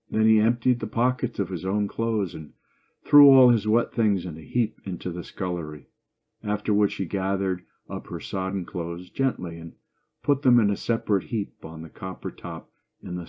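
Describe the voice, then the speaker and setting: A man reading a short story aloud in a steady, measured way, slowing down for quoted lines. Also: low-pitched. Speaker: narrator. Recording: dull lo-fi recording.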